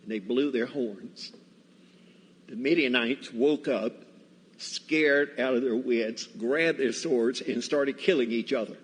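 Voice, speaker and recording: Slow, folksy man preaching in a church. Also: mid-range voice, husky. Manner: slow, folksy, deliberate storytelling. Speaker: guest preacher. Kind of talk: storytelling sermon. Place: church sanctuary. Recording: reverberant church hall, faint ambience.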